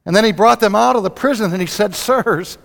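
A man preaching a sermon, telling the story dramatically, swinging from loud outbursts to hushed lows. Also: quick pace, vocal fry. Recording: long hall reverb.

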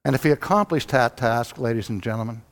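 A man preaching a sermon, telling the story dramatically, swinging from loud outbursts to hushed lows. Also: quick pace. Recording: long hall reverb.

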